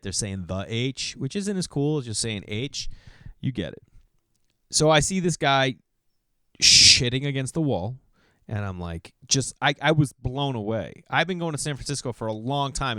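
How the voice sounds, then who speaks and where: A man's voice: mid-range voice, expressive, a little fast, fairly bright tone, smooth, dry recording, studio quality. A middle-aged man hosting a podcast, telling loose, digressive comedic stories in a solo monologue. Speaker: podcast host.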